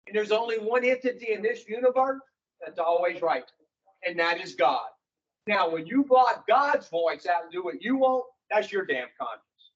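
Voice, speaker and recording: A man's voice: sits high, animated, moderate pace, lo-fi sound. A man speaking to an addiction recovery group in a folksy, preaching way, putting rhetorical questions to his listeners.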